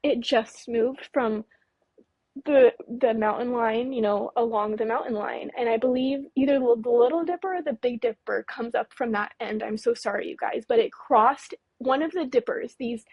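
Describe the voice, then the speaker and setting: A woman in her late twenties from California, a guest recounting a frightening experience in a halting, shaky voice, stumbling over words and apologizing. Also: on the high side, breathy edge, no echo, dull audio. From California, Mojave Desert. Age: late 20s. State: nervous, voice trembling. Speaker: guest, UFO researcher.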